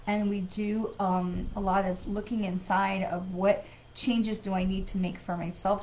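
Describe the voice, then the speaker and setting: A woman's voice: medium pitch, darkish tone, slight background noise, rough recording. Chatty woman giving a psychic card reading. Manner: conversational, with frequent fillers and sighs; greets viewers by name. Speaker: psychic medium. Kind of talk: live-streamed card reading.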